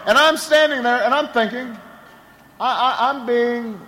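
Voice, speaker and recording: A man's voice: extremely high pitch, unhurried, bright, forceful tone, rough recording. A man, a political candidate, giving a campaign rally speech, telling a story with lots of repetition and a rhetorical build, with stammered restarts.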